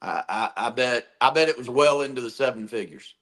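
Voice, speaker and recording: Blunt male co-host, bright voice. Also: medium pitch. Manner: blunt, exasperated, quick to restart sentences. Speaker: sports talk co-host. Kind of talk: casual sports talk.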